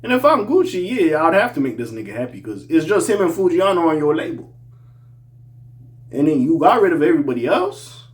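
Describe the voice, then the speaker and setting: A young man giving casual hip-hop opinion commentary, animated, jumping between loud outbursts and mumbled asides, with a slight accent. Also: a little high, a little fast. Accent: slight regional accent.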